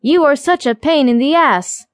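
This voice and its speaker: A woman voicing a quick-tempered, sarcastic young woman in an audiobook romance. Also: high voice, expressive, no room sound. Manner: sarcastic, exasperated.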